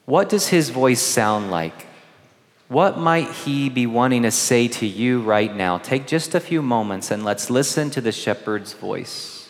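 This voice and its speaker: A man preaching a gentle homily to first communicants, asking the children questions. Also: mid-range voice, lively intonation, a little slow. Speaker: priest. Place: large church. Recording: long church reverb.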